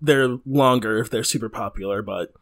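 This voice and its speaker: A man's voice: medium pitch, moderate pace. A man co-hosting a podcast in casual chat, rambling, swearing freely and laughing often. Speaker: podcast co-host.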